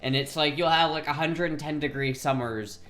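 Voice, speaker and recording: A man's voice: on the high side, moderate pace, fairly bright tone. A man co-hosting a casual podcast from his home, rambling, swearing freely and laughing often. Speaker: podcast co-host. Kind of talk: casual chat over a call. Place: home in Florida.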